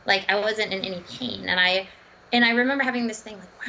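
A woman, a dietitian and runner, telling her story as a podcast guest in a chatty, animated way, full of fillers, restarts and laughs. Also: medium pitch, brisk, lo-fi sound, a little hiss or hum. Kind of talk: casual podcast interview storytelling.

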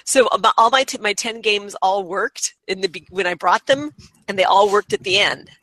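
A hoarse woman chatting casually as a podcast co-host, laughing often and swearing freely. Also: medium pitch, normal speed, a bit bright, no room sound.

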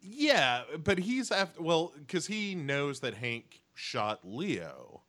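A man co-hosting a podcast in casual chat, recapping events in a lively way. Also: on the high side, slow. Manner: lively, recounting with acted quotes. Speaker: podcast co-host.

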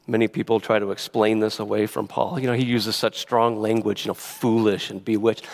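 A man's voice: on the low side, steady tone, a little fast, gravelly, hardly any pauses. A man preaching a sermon in an earnest, emphatic way, often restarting his words. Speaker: pastor.

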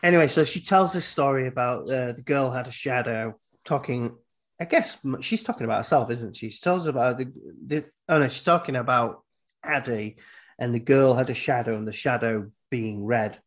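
A man's voice: mid-range voice, normal speed. A man in casual podcast talk, recapping a film scene by scene. He keeps a mid-range voice and slips into the characters' lines as he goes. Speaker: podcast host.

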